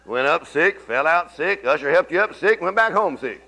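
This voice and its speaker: Preacher man with a bright voice. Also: on the high side, expressive, moderate pace, gravelly, poor audio. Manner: folksy storytelling, rising to emphatic bursts. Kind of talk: sermon.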